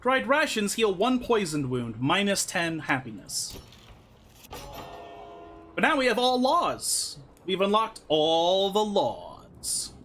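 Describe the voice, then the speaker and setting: A young male streamer swearing his way through a strategy game. His voice is high and bright, with a lively, bouncing pitch. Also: takes it slowly, slight background noise. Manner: swearing, exasperated. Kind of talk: let's-play commentary.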